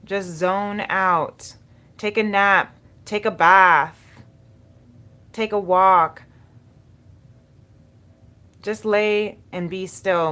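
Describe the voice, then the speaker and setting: A woman's voice: mid-range voice, a bit bright. A woman giving a spiritual tarot reading, speaking in a soothing, encouraging way and repeating key words. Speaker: tarot reader.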